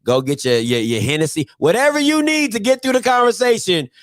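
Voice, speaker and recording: Man, host, casual live stream, playful, high voice, dry close sound. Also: very animated, a little fast, no room sound. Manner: playful, joking, laughs often. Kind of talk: casual live show chat.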